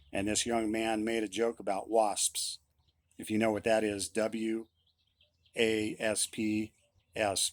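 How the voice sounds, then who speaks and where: A man's voice: lowish voice, no room sound. A middle-aged man, a musician, giving a blunt, insistent opinion monologue and repeating his points.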